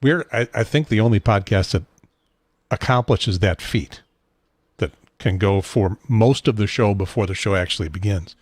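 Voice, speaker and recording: A man hosting a casual podcast chat who talks haltingly and often restarts. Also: fairly low pitch, breathy edge, no room sound, clean studio sound. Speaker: podcast host.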